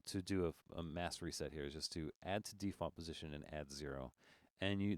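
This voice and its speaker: A man teaching a music notation software lesson, explaining step by step with frequent fillers and checking in with "right?". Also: low voice, smooth, no room sound, studio quality. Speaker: software tutorial instructor. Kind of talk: screen-recorded software tutorial.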